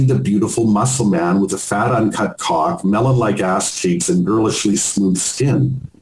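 A man reads aloud from his own memoir in a measured storytelling voice, pitched on the low side. The recording sounds roomy, with a faint hiss behind it. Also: a little mellow. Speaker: author reading his memoir. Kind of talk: memoir reading.

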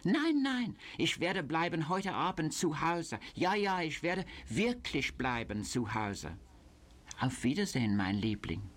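A man's voice: fairly high pitch, big pitch swings, measured pace, fairly bright tone, voice pushed up, heavily acted. A man voicing a gushing, affected young English actress and cabaret singer. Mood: cooing.

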